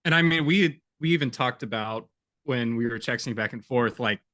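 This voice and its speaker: A man's voice: medium pitch, normal speed, a bit bright, dry recording, clean studio sound. A man co-hosting a film podcast, talking in a laid-back casual way with slang. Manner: laid-back, uses slang like bro and dude. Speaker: podcast co-host.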